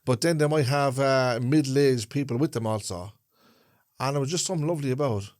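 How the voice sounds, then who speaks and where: A man's voice: medium pitch, a little fast, a little mellow, dry recording. Irish traveller guy, casual podcast chat, stops and hunts for words, dry sound. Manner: hesitant, searching for words. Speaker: podcast co-host.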